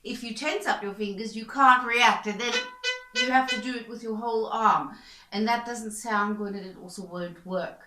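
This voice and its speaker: A woman violin teacher explaining bowing technique in a calm, patient, step-by-step way. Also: a little high, moderate pace, music in the background. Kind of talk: instructional explanation. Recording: echoey room. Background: violin playing between explanations.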